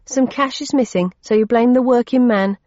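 A woman's voice: on the high side, normal speed, warm tone, no echo, voice pushed up, close to an everyday voice. A woman voicing an angry, defensive workman who growls indignantly. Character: man named Towel, angry defensive workman. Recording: dull lo-fi audio.

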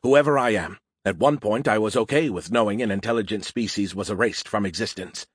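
A man's voice: fairly low pitch, fairly quick, breathy edge, no echo, clean studio sound. A man voicing Skippy, a moody beer-can AI. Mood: troubled. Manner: formal, no contractions, lecturing. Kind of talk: audiobook character reading.

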